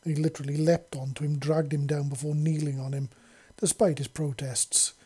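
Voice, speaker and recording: Mellow, husky amateur story narrator. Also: mid-range voice, level tone, normal speed. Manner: unpolished reading with self-corrections. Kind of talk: amateur fan-fiction reading.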